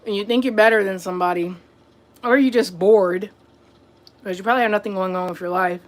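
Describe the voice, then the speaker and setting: A woman with a mid-range voice hosts a casual livestream in a steady, brisk tone. She answers viewer comments with sass, scolds the rude ones head-on, and calls her viewers "y'all" and "buddy."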